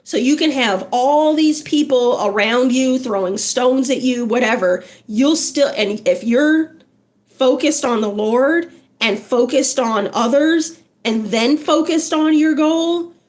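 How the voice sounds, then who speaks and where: A woman hosting a casual livestream, chatting with viewers in an encouraging, chatty way and greeting them by name. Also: high voice. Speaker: livestream host.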